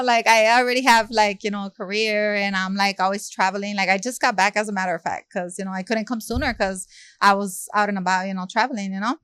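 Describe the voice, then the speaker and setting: A woman tells a story in a relaxed interview, her voice sitting in a middle pitch. She acts out every quoted line and keeps the talk flowing with casual fillers. The sound is close and dry, with no room around it. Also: fast talker, smooth, dry recording. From South Central Los Angeles. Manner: lively, acts out quoted dialogue, many "you know" and "like" fillers. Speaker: rapper, interview guest.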